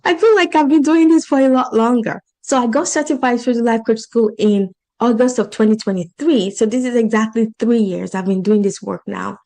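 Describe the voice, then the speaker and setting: A woman with an accent speaks in a slightly raised voice. She is a life and financial coach giving an earnest, encouraging pitch. She repeats her points for emphasis in a casual monologue. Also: brisk, few pauses, warm tone, low-quality recording. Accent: non-native English accent.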